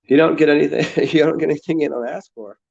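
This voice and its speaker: A man's voice: fairly high pitch, vocal fry, darkish tone, slightly rough. Guy rambling to chat on stream, keeps restarting, says it's it's a lot, kinda muffled lo-fi audio. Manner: halting, repeats words and restarts, laughs and swears. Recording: dull lo-fi sound.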